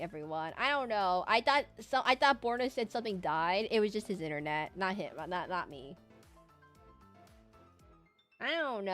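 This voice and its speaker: Young female VTuber, casual self-deprecating streamer chatter, soft music under her. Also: lowish voice. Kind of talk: casual chat while drawing live.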